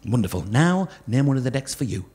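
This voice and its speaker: A man's voice: mid-range voice, very animated, a little mellow. A man doing stand-up in a theatre, teasing a volunteer from the audience. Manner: teasing, quick ribbing of a volunteer. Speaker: stand-up comedian and magician. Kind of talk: live stand-up comedy with audience banter. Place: large theatre stage. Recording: live theatre show with audience laughter.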